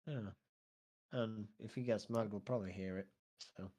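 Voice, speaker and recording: A man's voice: fairly low pitch, steady tone, normal speed, warm tone, highs cut off. A man playing a tabletop game, chatty and jokey. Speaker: player. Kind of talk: casual tabletop play.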